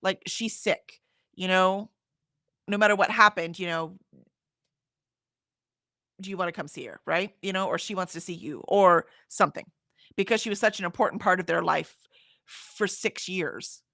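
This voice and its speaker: A woman's voice: lowish voice, moderate pace, gravelly, long pauses, a bit bright, dry recording, clean studio sound. A middle-aged woman from Houston, chatting casually on a livestream, rambling and laughing as she reads out comments. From Houston, Texas. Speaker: livestream host. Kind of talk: casual chat reading comments.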